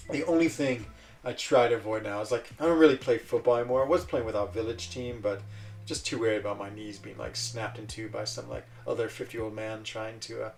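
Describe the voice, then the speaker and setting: A man's voice: fairly low pitch, steady tone, fairly quick, creaky, darkish tone, far from the mic. A man hosting a livestream, chatting casually in a rambling way and laughing often. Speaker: livestream host.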